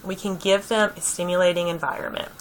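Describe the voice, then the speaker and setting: A woman's voice: fairly low pitch, flat delivery, brisk, a little hiss or hum, rough recording. A woman giving a conversational lecture on early childhood, repeating key points and checking in with her listeners.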